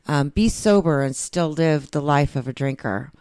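A woman's voice: deep voice, normal speed, a little mellow, smooth, dry recording. A woman talking earnestly and a bit rambling in a casual recovery chat, often restarting her sentences.

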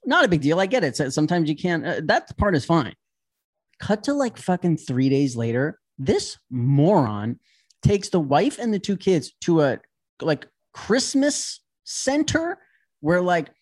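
In a slightly high voice and at a slightly slow pace, a podcaster recaps reality TV in casual talk. He curses heavily, stays animated, and plays out the characters he's describing.

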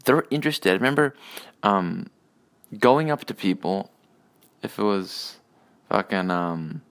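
A man's voice: lowish voice, lively intonation, unhurried. A man hosting a casual solo rant podcast, rambling and profane with many hesitations. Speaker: podcast host.

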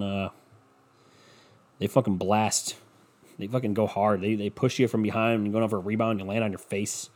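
His voice sits fairly low with a darkish tone, a young man from Cleveland running a solo podcast at home. With the windows open, he delivers scatterbrained, sarcastic rants full of profanity.

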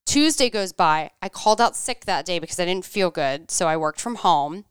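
A woman in her thirties co-hosts a podcast, telling a story in casual chat and animatedly acting out the dialogue. Her voice is lowish and smooth, at a moderate pace, in a dry, studio-quality recording.

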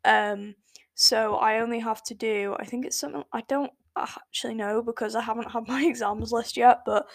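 A woman's voice: a little high, fairly even intonation, moderate pace, vocal fry, no room sound. Rambling young English woman, dry close mic. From England. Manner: rambling, chatty, self-correcting with frequent fillers. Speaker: podcast host. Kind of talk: casual solo podcast rant.

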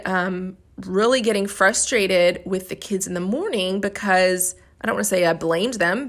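A woman's voice: medium pitch, a bit bright. A woman in her thirties hosting a podcast, telling a candid, self-critical story about her mornings as a mother. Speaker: podcast host.

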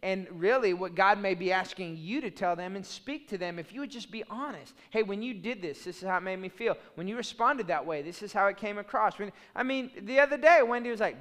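A pastor preaching a sermon, passionate and fired up, swinging from loud bursts to soft, low asides. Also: male voice, animated, brisk, long reverb tail.

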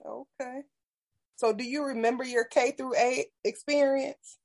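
Fairly high-voiced woman co-host. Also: fairly even intonation, a little slow, a little mellow. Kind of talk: interview host.

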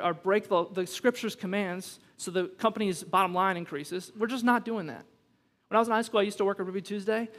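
A high-pitched American man preaches in an emphatic, conversational way, mixing humor with growing urgency. His voice rings out with a long reverb, as if he is in a big church sanctuary. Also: fairly bright tone. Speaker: pastor. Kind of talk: sermon. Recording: long reverb from a large hall.

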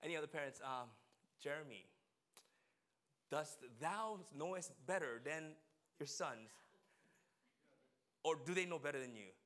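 Man, pastor, casual sermon, questions for the congregation, bright tone, slightly high voice. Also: expressive, measured pace, long pauses. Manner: chatty, asks the congregation questions by name. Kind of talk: conversational sermon.

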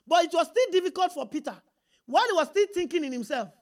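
A woman preaching an animated sermon, reading scripture aloud and calling out to the congregation. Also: very high-pitched, fast.

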